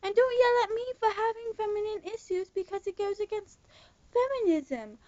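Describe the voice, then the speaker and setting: A woman's voice: extremely high pitch, lively intonation, normal speed, dark tone, no room sound, lo-fi sound. A young woman doing a put-on British accent, ranting sarcastically in a casual vlog from her bedroom. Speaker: vlogger.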